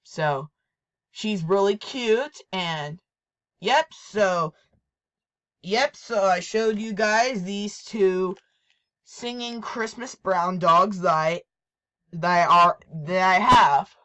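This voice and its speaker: A woman's voice: mid-range voice, drawn-out words, bright, forceful tone. A woman presenting her toy collection in a casual show-and-tell, repeating herself and restarting her sentences often. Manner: repetitive, hesitant, restarts often.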